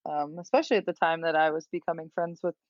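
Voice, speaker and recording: A woman's voice: low voice, fairly even intonation, fast, no echo, lo-fi sound. A woman with a New York accent, a podcast guest speaking frankly and easygoing, laughing often. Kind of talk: casual chat.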